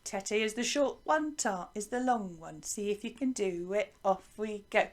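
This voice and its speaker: A woman teaching a lively music lesson to young children, encouraging them and chanting rhythms for them to copy. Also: medium pitch, unhurried, heavy background noise. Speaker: primary school music teacher.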